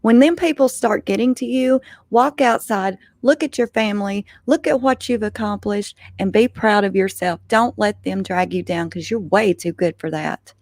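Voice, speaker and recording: A woman's voice: mid-range voice, normal speed, few pauses, darkish tone, dry recording. Middle-aged woman guest, folksy and comforting, dry close sound. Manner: comforting, folksy, calls people honey. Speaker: panel guest.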